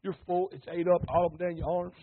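A man preaching an impassioned sermon, repeating phrases, asking the congregation questions and rising to shouts. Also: high-pitched, little pitch movement, quick pace. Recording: tinny phone-like recording.

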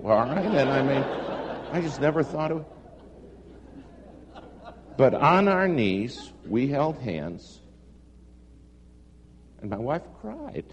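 A man telling a humorous personal story to a live audience, animated and self-deprecating. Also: a little high, takes it slowly, long pauses. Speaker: speaker addressing an audience. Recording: long hall reverb, faint hum.

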